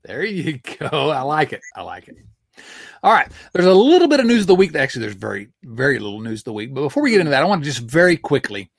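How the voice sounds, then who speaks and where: Animated, chuckling male podcast host. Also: fairly high pitch, quick pace, vocal fry, slightly rough, no echo, studio quality. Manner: laughs often, animated, restarts sentences. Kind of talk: casual sports chat.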